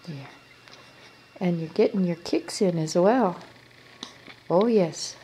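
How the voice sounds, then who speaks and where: An older woman, a grandmother, cooing baby talk to her newborn granddaughter in a gentle, sing-song way, repeating herself and often dropping to a hush, recorded at home on a handheld camera. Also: fairly low pitch, slow, a little hiss or hum. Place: living room at home.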